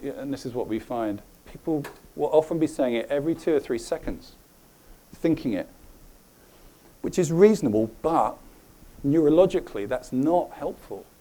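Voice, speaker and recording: A middle-aged man giving a live presentation to an audience, animated and often checking in with questions. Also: medium pitch. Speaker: presenter at a health talk.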